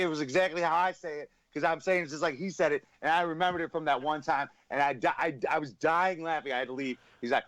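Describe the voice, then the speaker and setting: A man's voice: fairly high pitch, steady tone, brisk, hardly any pauses, no room sound. A man hosting a casual radio chat, telling stories crudely and laughing as he goes. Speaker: radio host.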